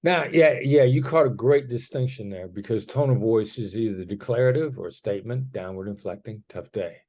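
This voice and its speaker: Speaking at a normal speed with a warm, mid-range voice, a middle-aged guest on a podcast discusses negotiation, his area of expertise. He keeps it conversational and illustrates his points by acting out how the tone shifts.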